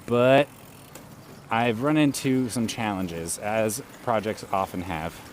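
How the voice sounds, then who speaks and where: Guy chatting on a bike stream outside, kinda low voice, laughs a lot. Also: fairly even intonation, slow pace, slight background noise. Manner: chatty, laughs often, reads out viewer names. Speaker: bike livestreamer. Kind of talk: casual live-stream chat. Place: outdoors riding a bike on city streets. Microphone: camera rig on the bike.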